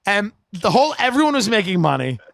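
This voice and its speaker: A man telling a comedic story, animated and profane, acting out the people in it with bursts of shouting. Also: high voice, quick pace, creaky, dry recording.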